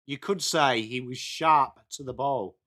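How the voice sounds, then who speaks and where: A man's voice: medium pitch, unhurried. A young northern English man hosting a live fan watchalong, calling the play and chatting with viewers by name. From England. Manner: excitable, banters with viewers by name. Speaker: host of a fan watchalong stream. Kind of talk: live sports commentary mixed with reading chat.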